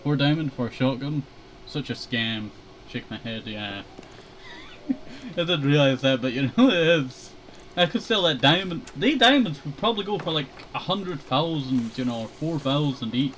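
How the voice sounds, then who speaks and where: A man's voice: medium pitch, measured pace, a bit bright, slight background noise, poor audio. A young man casually chatting while playing a shooter game, laid-back and rambling, chuckling often. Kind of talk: casual gaming commentary.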